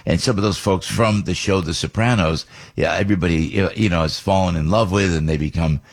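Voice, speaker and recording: Rambling husky-voiced man. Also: deep voice, brisk. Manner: rambling, many fillers and restarts, excitable. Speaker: radio host. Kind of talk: rambling monologue.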